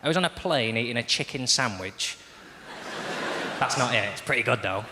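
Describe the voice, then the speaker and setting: Grumpy deadpan man ranting on stage. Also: mid-range voice, moderate pace. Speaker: stand-up comedian. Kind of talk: stand-up routine. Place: large theatre stage. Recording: echoey theatre with audience noise.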